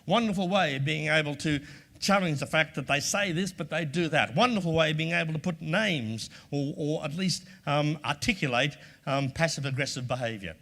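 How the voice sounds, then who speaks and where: An Australian man addresses a live audience in a large hall with a long, lingering reverb. His voice sits fairly high, and he speaks emphatically, returning again and again to key phrases and sometimes slipping into sample lines of dialogue. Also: lively intonation, a little fast, gravelly, fairly bright tone. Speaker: workshop presenter. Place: large room before an audience.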